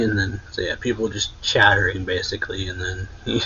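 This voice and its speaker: Husky-voiced man recapping a manga. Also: sits low, level tone, brisk, bright, forceful tone. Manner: rambling, filler-heavy with frequent "like". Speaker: anime reaction channel host. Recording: dull lo-fi audio.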